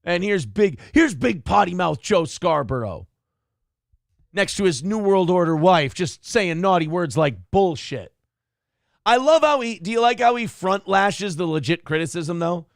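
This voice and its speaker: A podcast host with a high, gravelly voice that lurches up and down, he throws out sarcastic, foul-mouthed jabs in a mocking comedic rant. He's expressive but unhurried. The recording is close and dry, with no echo or room sound.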